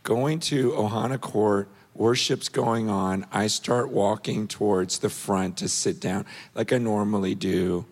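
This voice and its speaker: A middle-aged man giving an earnest, animated personal story as a guest on a panel. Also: a little slow, hardly any pauses. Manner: earnest, animated storytelling, rising in pitch when intense.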